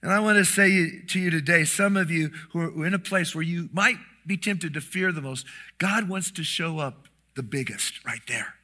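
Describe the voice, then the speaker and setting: A middle-aged man preaching a sermon, telling a story with lively animation and acting out the quoted lines. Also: fairly high pitch. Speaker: pastor.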